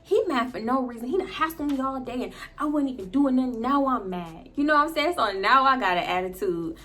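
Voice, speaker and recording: A woman vlogger telling a personal story in a casual, animated way, often turning to her viewers and laughing. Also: high-pitched, fairly quick.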